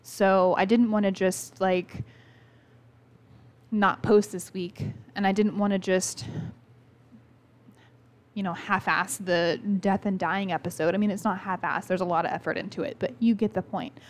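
A woman's voice: mid-range voice, fairly even intonation, a little slow. Woman podcaster just chatting, rambly and open, lots of likes and you knows. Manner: rambling, candid storytelling with many fillers. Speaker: podcast host. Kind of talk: casual solo podcast talk.

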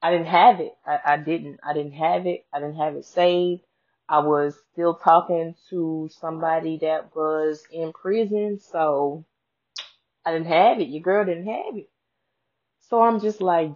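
A woman's voice: low-pitched, a little slow. A woman host telling a personal story in a casual, frank way, swearing freely and speaking straight to her listeners. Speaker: podcast host. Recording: dull lo-fi sound.

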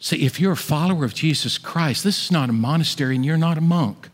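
A middle-aged pastor preaches with a fairly high voice, rising to loud appeals and dropping to hushed asides. His words ring out with a long reverb, as in a large church hall. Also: fast. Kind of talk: sermon.

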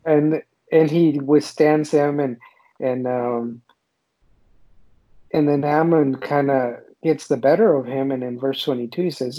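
A man's voice: a little high, fairly even intonation, warm tone, poor audio. A man in a casual religious discussion, retelling scripture passages and acting out the quotes with frequent restarts. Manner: paraphrases scripture with acted-out quotes, halting restarts. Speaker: podcast co-host discussing scripture.

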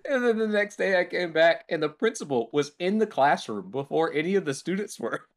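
A man's voice: on the high side, lively intonation, a little fast. A young man hosting a podcast, telling a long, rambling story with casual swearing and acted-out quotes. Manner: rambling storytelling with profanity and laughter; acts out quoted voices. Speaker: podcast host. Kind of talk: casual chat.

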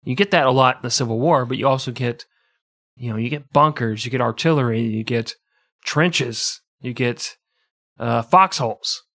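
A man co-hosting a casual history podcast, joking and riffing quickly. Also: mid-range voice, fairly bright tone. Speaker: podcast co-host.

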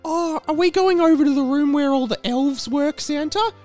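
A man voicing a timid, eager young male intern, squeaky and excitable, in a comedy sketch. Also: moderate pace, faint music behind. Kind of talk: improvised comedy audio sketch.

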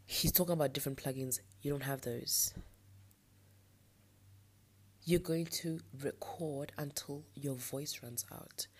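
Alone on her podcast late at night, a young woman with a blocked nostril gives a personal monologue, candid and mildly frustrated, ranting between soft laughs. Her pitch is extremely low and her pace moderate.

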